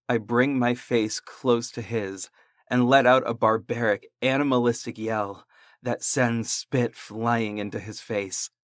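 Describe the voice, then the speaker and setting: A man narrating a horror story in a slow, deliberate, dramatic way. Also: lowish voice, no room sound, studio quality.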